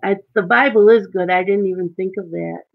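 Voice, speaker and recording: Fairly quick and gravelly, a mid-range female voice comes through tinny, narrow audio. She's a coloring channel host who chats casually on a live stream as she colors, reading and responding to her viewers' chat.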